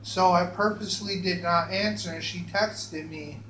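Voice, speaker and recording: A man's voice: high voice, fairly even intonation, normal speed, hardly any pauses, bright, forceful tone. A man telling a rambling personal story, profane and stammering, with many restarts. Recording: echoey room with faint hum.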